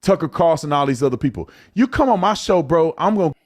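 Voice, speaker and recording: A man's voice: on the high side, animated, fast. Confrontational man with a boastful tone. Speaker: commentator. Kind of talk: confrontational commentary.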